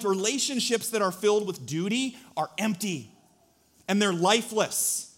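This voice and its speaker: A man's voice: high voice, animated, normal speed. A young man preaching a sermon, joking and acting out little scenes as he tells a story. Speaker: pastor.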